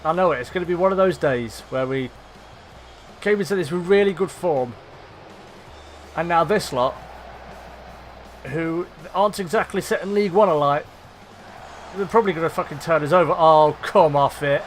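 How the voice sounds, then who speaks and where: A young man commentating live on his football management game, swearing and shouting at his players. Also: fairly high pitch, normal speed, pauses often, faint music behind. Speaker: gaming commentator.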